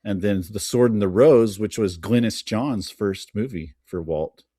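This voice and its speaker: Lower-voiced man telling film trivia, dry. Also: unhurried, mellow, dry recording. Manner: enthusiastic storyteller sharing film trivia. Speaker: podcast guest. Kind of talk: casual chat.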